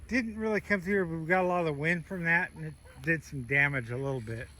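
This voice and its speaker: Strolling outdoors around his small farm, a homesteader shows off his animals in a casual walkthrough vlog, chatting easily and speaking sweetly to his goats. His voice is fairly high, fast, pushed and bright.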